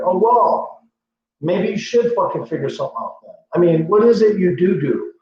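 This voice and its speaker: Boastful man, profane rambling, fairly high voice, very echoey room, mic far off, dull lo-fi sound with faint hum. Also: animated, moderate pace. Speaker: livestream host. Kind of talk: rambling casual monologue.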